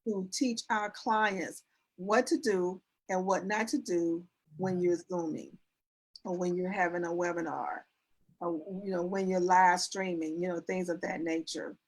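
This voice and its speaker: A woman's voice: lowish voice, steady tone, unhurried. A woman, an etiquette and image consultant, talking in a casual interview, earnestly explaining with everyday examples. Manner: explains with everyday examples and demonstrates sentence endings; earnest, instructive, with frequent restarts.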